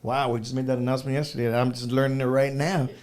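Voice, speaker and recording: A man telling animated anecdotes, laughing at his own stories and slipping into Spanish. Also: medium pitch, rapid-fire. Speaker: guest. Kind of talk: casual storytelling.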